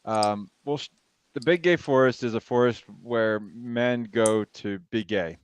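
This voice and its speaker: A man's voice: mid-range voice, measured pace, clean tone, highs cut off. A man, co-hosting a podcast, telling stories in a rambling way and laughing often. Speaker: podcast co-host. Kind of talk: casual storytelling chat.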